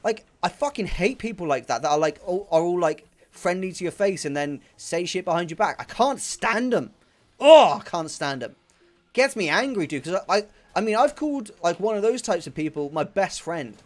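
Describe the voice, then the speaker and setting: This young gaming streamer rants angrily as he plays, swearing and repeating himself often. His voice sits high and sounds expressive, and he talks briskly with few pauses.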